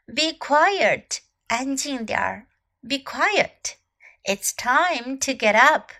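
A woman whose first language is Chinese, teaching a bilingual English lesson for children, repeating each phrase slowly and then translating it. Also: high voice, animated, pushed and bright.

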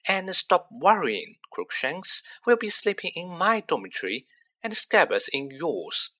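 A man puts on a bossy teenage witch girl for a storybook reading, lifting his voice higher. She talks briskly and reassuringly in a bright tone. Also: sing-song, heavily acted.

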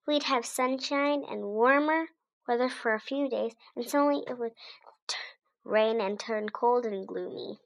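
Female storybook reader, expressive and unhurried, slightly high, animated read-aloud. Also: rough recording. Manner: expressive, with asides to listeners. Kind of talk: reading a children's book aloud.

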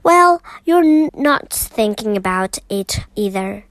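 A woman voicing a stern middle-aged father in a storybook, speaking in a gruff, disapproving way. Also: mid-range voice, animated, takes it slowly, a bit bright, no echo, poor audio.

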